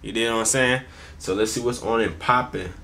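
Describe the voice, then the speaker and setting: A man's voice: lowish voice, a little fast, gravelly, sharp tone, slight background noise. A man hosting a reaction video, talking in a laid-back, slang-heavy casual style to his viewers.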